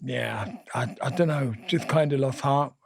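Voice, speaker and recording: A man in his sixties, a boxing guest telling fight stories in an energetic, animated way and repeating his phrases. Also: medium pitch, unhurried, gravelly, husky. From England. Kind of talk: animated storytelling interview.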